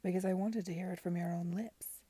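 A woman reading the part of a brooding, possessive young gentleman in a low, hushed, intense way. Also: fairly even intonation, a little fast, breathy edge, dry recording.

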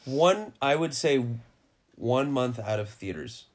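A man hosts a podcast while lying in bed. He talks in a laid-back, animated way, swings up and down in pitch, and swears casually. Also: slow pace. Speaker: podcast host. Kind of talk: casual chat.

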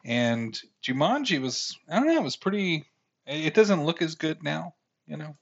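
A man's voice: on the high side, sing-song, normal speed, vocal fry. Casual male podcast host in his thirties, wry and rambling, slightly muffled home recording. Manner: rambling, sarcastic about critics, many fillers. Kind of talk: casual film review chat.

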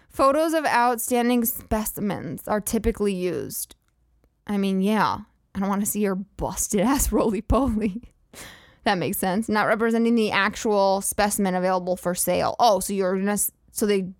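A woman's voice: medium pitch, no echo, studio quality. A woman hosting a podcast, ranting in a profane, incredulous and sarcastic comedic style. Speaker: podcast host. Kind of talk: comedic rant.

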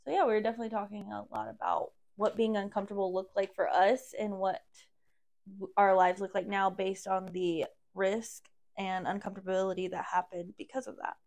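A woman's voice: medium pitch, little pitch movement, a little fast, a little mellow. A woman guest on a podcast, talking in casual chat with a blunt, sassy manner.

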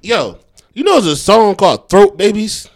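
A man co-hosting a podcast, bantering excitedly and laughing. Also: high voice, moderate pace. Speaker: podcast co-host. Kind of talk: casual chat.

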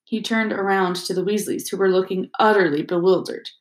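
A woman narrating a storybook in a steady, expressive reading voice, in a roomy echoing recording. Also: mid-range voice, a little fast, few pauses. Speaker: audiobook reader. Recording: roomy echo.

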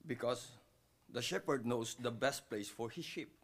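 Male pastor, Filipino accent, mid-pitched voice, emphatic storytelling sermon. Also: unhurried. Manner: switches between English and Tagalog, emphatic and storytelling; rising loud on key phrases, dropping quiet when moved.

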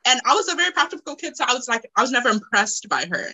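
A young adult woman co-hosting a podcast, chatting casually in an excitable, giggly way. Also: on the high side, noisy background. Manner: excitable, giggly, quick to laugh. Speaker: podcast co-host. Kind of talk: casual chat.

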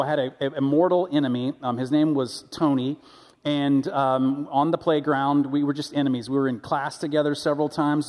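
Guy pastor giving a sermon, high-ish voice, storytelling and chatty, long church echo. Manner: conversational, animated storytelling with frequent restarts. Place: church sanctuary.

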